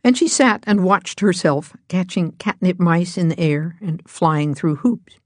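A woman reading a storybook aloud in a gentle, even storytelling manner. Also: lowish voice, measured pace, no echo, clean studio sound. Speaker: narrator.

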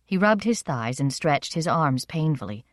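A woman narrating a first-person story in a measured, expressive reading. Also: low-pitched, no room sound, clean studio sound. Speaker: audiobook narrator.

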